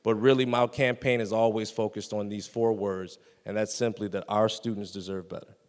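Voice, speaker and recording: A man makes a playful pitch for a school board seat at a community forum and ribs the crowd as he goes. His voice is smooth and resonant. The hall adds a long reverb behind him. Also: fairly even intonation, normal speed, a little mellow. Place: large meeting hall.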